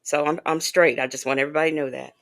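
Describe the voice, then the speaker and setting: Co-host for a home livestream chat: easygoing, mid-pitched, short agreeing replies. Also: racing. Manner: relaxed, brief back-channel replies. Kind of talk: casual chat.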